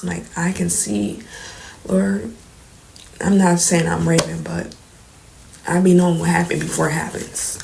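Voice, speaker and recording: A young woman tells a painful story to her viewers, her voice soft and shaky as she fights back tears. Her tone sits fairly low, with a gravelly edge, and it often falls to a near whisper. A faint hiss runs underneath. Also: level tone, unhurried, pauses often, rough recording. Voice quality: soft, trembling at times, drops to near whispers. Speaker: vlogger. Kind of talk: emotional storytime confession. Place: indoors, late at night.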